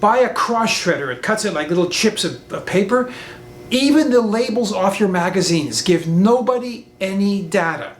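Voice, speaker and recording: A man's voice: animated, moderate pace. A man, a lawyer, giving an online class over a video call. He speaks emphatically and repeats his warnings. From Canada. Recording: roomy sound with faint rumble.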